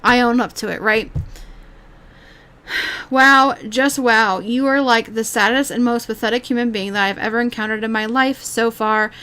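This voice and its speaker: A woman's voice: a little high, normal speed, sharp tone, clean tone. Exasperated woman ranting with restarts. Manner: rambling, exasperated, profane, with frequent restarts. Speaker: YouTube commentary creator. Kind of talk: reaction commentary monologue.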